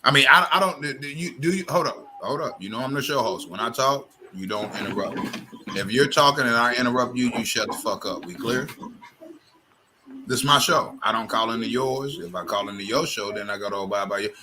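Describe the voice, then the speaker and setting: A man's voice: medium pitch, brisk, a crowd in the background. Confrontational, profane male live stream host. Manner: confrontational, profane, repeats phrases. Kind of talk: heated live stream call-in.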